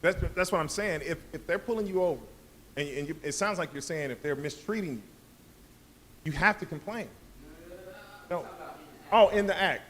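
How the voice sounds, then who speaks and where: A man with a slightly raised pitch argues his point emphatically during a live debate. His voice is insistent, with a faint hum of ambient noise beneath it. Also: moderate pace, pauses often, fairly bright tone, low-quality recording. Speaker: debate panelist.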